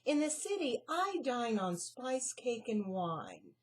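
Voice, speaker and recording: A woman voicing a grand, showy female city mouse who talks grandly and gets excitable. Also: on the high side, unhurried.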